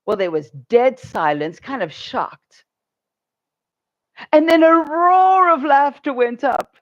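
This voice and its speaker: A woman minister giving a sermon, telling stories in an animated way and laughing often. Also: high-pitched, slow pace, dull audio.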